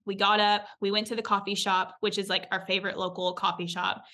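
A woman's voice: medium pitch, flat delivery, fairly quick, pushed and bright. A young woman telling a personal story in a casual, chatty way, full of "like" and acted-out quotes. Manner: chatty, fills talk with "like", acts out quoted voices. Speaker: podcast guest.

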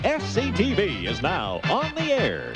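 A man announces a TV show in a punchy, theatrical voice-over. His pitch is high and swings widely. Loud music plays behind him. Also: wildly swooping pitch, unhurried.

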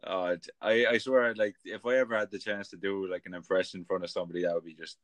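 A young man in his twenties chatting casually, laughing often and tossing in quick asides. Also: low voice, fairly even intonation, a bit bright, no echo. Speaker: podcast co-host. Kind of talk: casual chat.

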